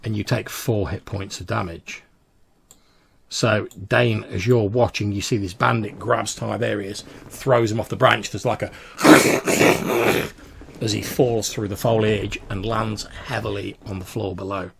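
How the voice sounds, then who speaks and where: A man runs a tabletop game, describing the action casually and stuffing his sentences with little fillers. His voice is low and gravelly, with faint noise in the background. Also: fairly even intonation, a little slow, a bit bright. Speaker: game master.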